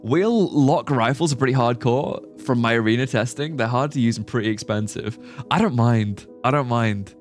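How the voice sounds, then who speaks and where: During a casual game stream, a young man with a medium-pitched voice talks at a moderate pace, wandering through his thoughts out loud and using lots of fillers. Faint music plays behind his voice.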